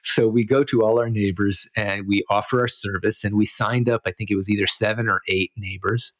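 A man with a low-pitched voice tells a story as a podcast guest. He meanders through it, correcting himself and filling the gaps with "like" and "uh". The recording is dry, with no room sound. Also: steady tone, a little fast, a bit bright, no room sound. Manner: rambling, self-correcting, full of fillers. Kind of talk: casual storytelling.

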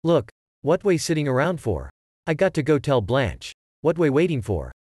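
A man voicing a gruff older man who is shaken but tries to calm a younger one. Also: a little high, moderate pace, no room sound, studio quality. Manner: gruff, consoling, insistent.

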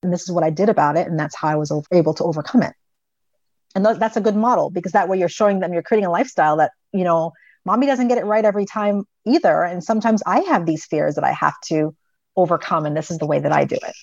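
A middle-aged woman, a pediatric psychologist, talking in an interview and telling stories with lively quoted voices of her kids. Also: lowish voice, fast talker, no room sound. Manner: animated storyteller, voices her children in quotes. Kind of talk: conversational interview. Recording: dry, dull lo-fi remote audio.

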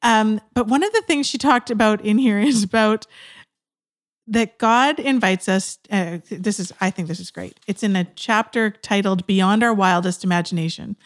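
A woman's voice: mid-range voice, moderate pace. A woman hosting a podcast, chatting and reading passages aloud with frequent laughter. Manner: warm, laughs often, reads quotes aloud. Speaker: podcast host. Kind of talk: podcast conversation.

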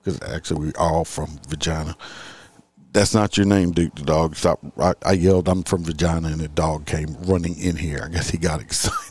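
A man's voice: rumbling low, fairly even intonation, moderate pace, a little hiss or hum. A man hosting a casual livestream, reading out crime stories and chatting with his viewers in a sarcastic, profane, rambling way.

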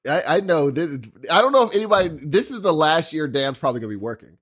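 A man's voice: on the high side, lively intonation, fast, fairly bright tone, husky. A man hosting a podcast in casual chat, talking in an enthusiastic, encouraging way. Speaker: podcast host.

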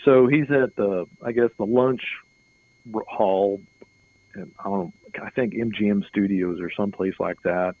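Over a rough recording, a middle-aged man tells a long story as an interview guest, chuckling, rambling, and often repeating himself in a casual, anecdotal way. His voice is fairly low and a bit mellow, with fairly even intonation and normal speed.

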